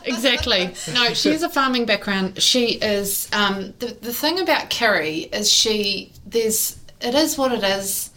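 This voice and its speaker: A woman's voice: fairly high pitch, expressive, a little slow, hardly any pauses, sharp tone, low-quality recording. A woman with a New Zealand accent, a recruitment business co-owner speaking earnestly in a casual interview. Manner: earnest, chiming in over her partner.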